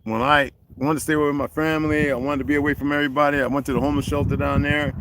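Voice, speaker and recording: Livestreaming outdoors, a man rambles casually to his chat, swearing heavily, laughing a lot and staying animated throughout. His voice is on the high side and rapid-fire, against loud outdoor background noise.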